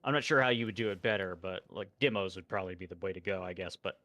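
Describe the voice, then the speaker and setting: A man's voice: sits low, fast talker, sharp tone, no echo. A man co-hosting a casual stream chat, agreeing readily and adding his own points. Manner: agreeable, chiming in. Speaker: co-host, streamer.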